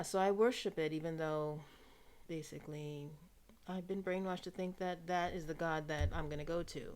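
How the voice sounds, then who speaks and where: A woman from New York talking casually to camera, chatty and wry, slipping into soft asides. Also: low voice. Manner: chatty, wry, drifts into soft asides and playful put-on voices. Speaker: vlogger.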